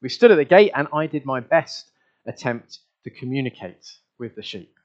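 Captured on a dull, lo-fi recording, this man speaks in a mid-range voice with big pitch swings and a moderate pace. His sermon feels like a conversation: he questions the congregation and occasionally repeats his words.

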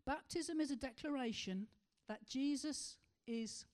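A woman preaching a sermon, asking rhetorical questions and slowing to stress key words. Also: high voice, darkish tone.

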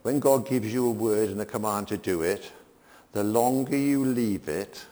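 An older man preaching a sermon, swinging between emphatic peaks and quiet asides. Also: lowish voice, in a large hall.

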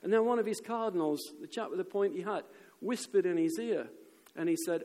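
A man preaching a sermon, telling stories in an animated way and shouting out the lines of crowds. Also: high-pitched, brisk. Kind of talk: sermon with storytelling. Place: church. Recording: long reverb of a church hall.

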